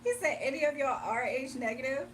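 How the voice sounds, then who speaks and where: A young woman with a high, bright voice chats casually on a livestream, playful and teasing, laughing between comments. She sits a little back from the mic, with faint noise behind her. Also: a little fast, recorded from a distance. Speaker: livestream host.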